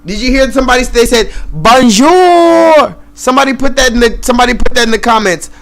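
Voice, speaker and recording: A man's voice: extremely high pitch, steady tone, rapid-fire, fairly bright tone. A man hosting a live stream, ranting and swearing in loose commentary, repeating himself and laughing often.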